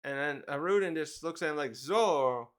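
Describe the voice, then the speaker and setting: A man's voice: a little high, quick pace, fairly bright tone, clear, resonant tone. A man casually reviewing a manga chapter, rambling, correcting himself and reading the panels aloud.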